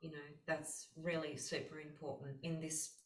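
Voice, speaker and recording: A woman's voice: sits low, level tone, moderate pace, reverberant, recorded from a distance, poor audio. A woman astrologer hosting a casual conversation, telling heartfelt stories with lots of fillers. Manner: earnest, heartfelt storytelling with many fillers. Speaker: astrologer host.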